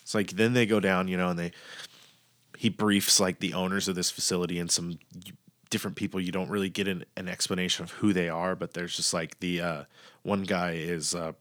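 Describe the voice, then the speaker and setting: Deep-voiced man, casual show recap, swears freely, acts out quotes. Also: flat delivery, fairly quick, fairly bright tone. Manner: loose, profane storytelling with acted-out quotes.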